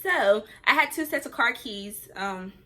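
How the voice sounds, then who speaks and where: Bright-voiced woman telling a rambling story. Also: a little high, measured pace. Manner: rambling, animated retelling that acts out quoted dialogue. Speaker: vlogger. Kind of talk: casual storytime.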